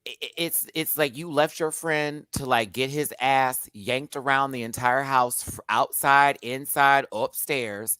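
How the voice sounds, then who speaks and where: A man co-hosting a live TV review, talking casually and theatrically, jumping from low murmurs to shrieked punchlines. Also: a little slow, few pauses, pushed and bright, smooth, no room sound, studio quality. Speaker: co-host of a live review show.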